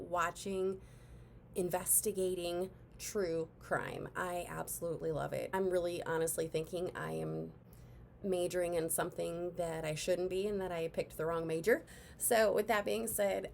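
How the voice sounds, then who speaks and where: A soft-spoken young woman from Indiana, telling a story in a casual, chatty vlog and sounding a little out of breath. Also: mid-range voice, gravelly, a little hiss or hum. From Indiana, USA. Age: young adult. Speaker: vlogger.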